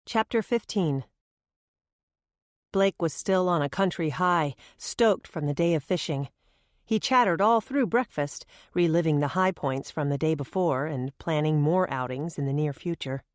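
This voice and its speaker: Woman reading a novel aloud, lowish voice, dry close mic, calm and measured. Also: dry recording. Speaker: audiobook narrator. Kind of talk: scripted narration.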